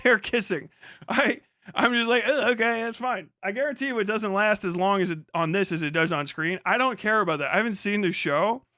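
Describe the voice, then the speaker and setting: A man's voice: high-pitched, a little fast, sharp tone, no echo, clean studio sound. A man streaming live, talking casually and animatedly with frequent swearing and laughter.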